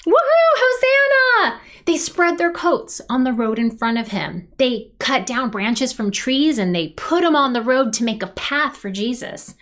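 A woman leading a children's worship service, telling a Bible story with lively sound effects and cheers for the kids to join. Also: on the high side, measured pace, hardly any pauses. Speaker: children's ministry leader.

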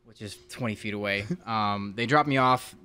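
A middle-aged man co-hosting a podcast, excitable and swearing in casual banter. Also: lowish voice, smooth. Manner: excitable, swearing, quick to cut in. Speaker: podcast co-host.

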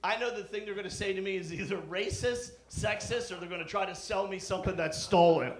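A man's voice: sits high, brisk. A middle-aged male stand-up comedian doing a live set in a comedy club, brash and profane, bantering with the audience. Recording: echoey club with crowd.

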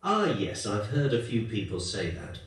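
A man's voice: on the low side, very animated, normal speed, a bit bright. A man playing a friendly estate agent in a scripted coursebook dialogue, asking polite questions. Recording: echoey playback heard from far off.

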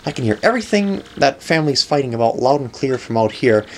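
A man's voice: medium pitch, very animated, fast talker, few pauses, a little hiss or hum. A man giving casual gameplay commentary, chatty and laughing often. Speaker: let's play commentator.

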